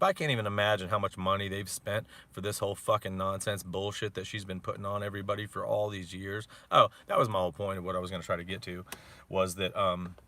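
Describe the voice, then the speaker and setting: Profane gravelly man on a rant. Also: on the low side, sharp tone. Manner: profane, heated, mocking, with frequent filler words. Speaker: father venting about his ex-wife. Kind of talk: rambling personal rant.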